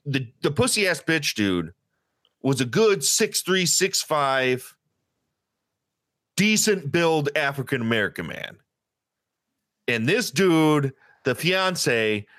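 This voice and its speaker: A man co-hosting a podcast, telling a story in casual, profane chat and acting out the people in it with loud, high-pitched quotes. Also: no echo, studio quality. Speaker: podcast co-host.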